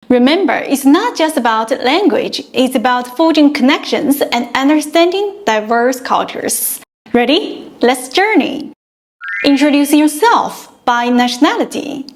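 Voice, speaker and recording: Teacher: a high, unhurried woman who reads a scripted beginner lesson and models each sound carefully. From China. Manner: slow, careful modeling of pronunciation. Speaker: Mandarin teacher.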